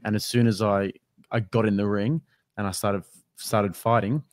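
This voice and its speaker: An easygoing man chats and asks questions on a podcast, quick to laugh. His voice is fairly low and dry, recorded close with no echo. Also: fairly even intonation. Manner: laughs often, easygoing and curious. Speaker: podcast co-host. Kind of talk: casual podcast chat.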